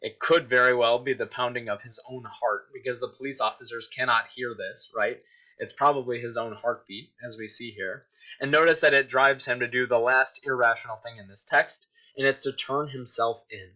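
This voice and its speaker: Bright-voiced male teacher explaining. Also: mid-range voice, fairly even intonation, moderate pace. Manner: explanatory, checks in with "right?". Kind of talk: recorded literature lesson. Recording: dull lo-fi recording.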